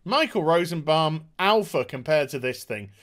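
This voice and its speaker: A man's voice: on the high side, animated, normal speed, a bit bright. A man hosting a TV episode review, recapping with mocking, exasperated sarcasm. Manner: mocking, exasperated, with hesitant fillers. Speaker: TV review host.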